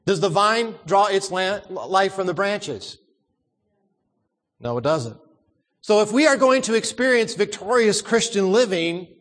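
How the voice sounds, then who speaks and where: A man's voice: high voice, fairly bright tone, long reverb tail. A man preaching a sermon, emphatic, repeating words and asking the congregation questions.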